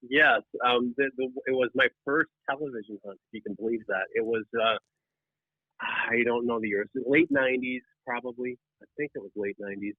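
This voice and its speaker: Male guest storyteller, animated and rambling, mid-pitched, on a tinny dry phone line. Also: brisk, no echo. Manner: animated, rambling with many restarts. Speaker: podcast guest, deer hunting writer. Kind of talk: casual storytelling.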